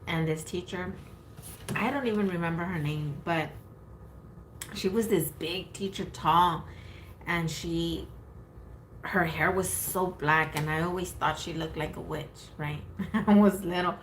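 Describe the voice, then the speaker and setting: A woman co-hosting a casual chat, greeting viewers and reminiscing in a relaxed way. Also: on the low side, a little slow, a little hiss or hum, low-quality recording. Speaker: co-host.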